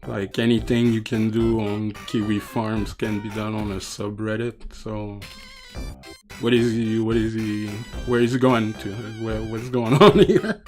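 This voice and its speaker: A man's voice: on the low side, little pitch movement, unhurried, darkish tone. A man hosting a reaction video, making casual, amused commentary. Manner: amused, wry asides. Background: guitar music.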